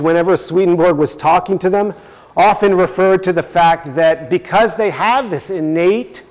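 A man's voice: high voice, long reverb tail. A man giving a religious teaching talk, explaining step by step and reading passages aloud. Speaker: presenter.

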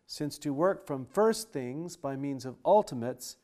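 A man reading scripture aloud in a steady, formal style with archaic wording. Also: on the high side, a little slow.

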